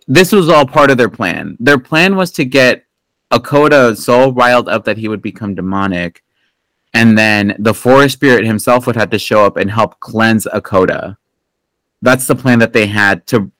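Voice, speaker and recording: Male podcast host, mid-pitched, rambling and profane, dry close sound. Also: lively intonation, normal speed, fairly bright tone, no room sound, low-quality recording. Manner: rambling, profane, full of fillers and restarts. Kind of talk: casual movie recap chat.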